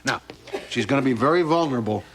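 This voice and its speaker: A man's voice: medium pitch, lively intonation, quick pace, slight background noise, natural voice. A middle-aged man playing a crude, cynical sitcom father who makes wisecracks. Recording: sitcom audio over a loud laugh track. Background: studio audience laughter.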